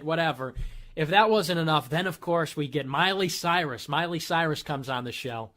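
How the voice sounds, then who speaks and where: Male host, sarcastic rant, high voice for a man. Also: lively intonation, fairly quick, bright, forceful tone. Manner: sarcastic, ranting. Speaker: show host. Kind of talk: monologue commentary show.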